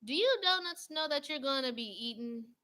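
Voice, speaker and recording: A woman reading aloud voices a cheerful male baker. He sounds brisk and matter-of-fact, lifting his voice higher and louder than the narration. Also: expressive. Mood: calling out.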